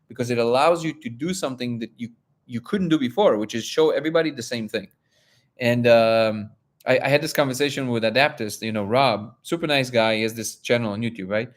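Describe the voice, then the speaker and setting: A man hosting a live discussion, telling a personal story in an animated way and acting out quotes. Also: mid-range voice. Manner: animated, acts out quotes, many restarts. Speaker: host.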